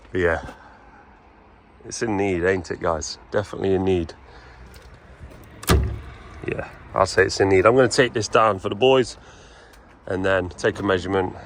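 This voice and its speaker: A man's voice: low voice, fairly bright tone, slight background noise. Chatty man vlogging outdoors. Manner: chatty, keeps addressing viewers as "guys". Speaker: vlogger and builder. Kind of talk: casual vlog talk to camera. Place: outdoors on a building site.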